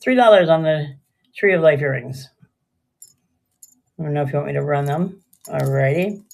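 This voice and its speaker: Low, gravelly, and a little mellow, this older woman's voice is animated at a moderate pace. She casually rambles while selling jewelry on a live stream, often letting sentences trail away.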